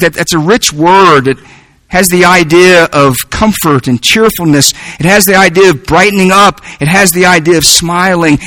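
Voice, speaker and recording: A male preacher with a high, bright voice delivers a sermon earnestly, circling back over his words as he builds each point. The sound is close and dry. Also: expressive, normal speed, dry recording, rough recording.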